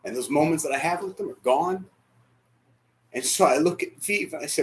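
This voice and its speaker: Emotional, high-voiced male pastor. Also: brisk, a little hiss or hum. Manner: emotional, swings from hushed to shouting. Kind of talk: sermon. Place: church sanctuary.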